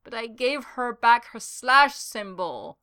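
A woman's voice: medium pitch, expressive, normal speed, fairly bright tone, natural voice. A woman doing an indignant jealous young man. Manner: exasperated, snappish.

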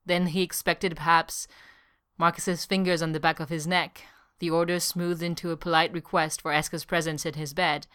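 A woman reading fan fiction aloud as an audiobook narrator, calm and even. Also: deep voice, clear, resonant tone. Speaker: podfic reader.

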